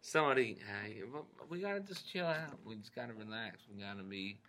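Lazy, quiet drawl impression from a guy, low and mumbly, kinda bright, live bar podcast. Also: sing-song, a little fast, a little hiss or hum. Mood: laid-back. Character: impression of a laid-back drawling male film actor.

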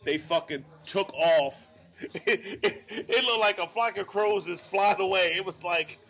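A man hosting a casual bar podcast, telling a profane, animated story. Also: sits high, measured pace, vocal fry, faint music behind. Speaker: podcast host.

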